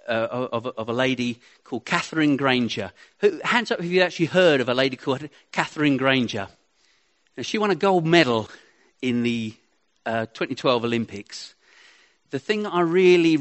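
A man giving an informal, chatty sermon to a congregation, rambling with self-deprecating asides. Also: medium pitch. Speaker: preacher.

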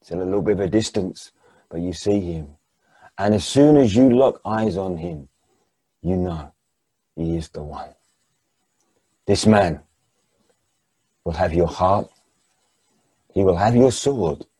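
A man preaching a sermon as second-person guided storytelling, dramatic, swinging between hushed and emphatic. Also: sits low, sing-song, unhurried, creaky, pauses often, slightly rough, no room sound.

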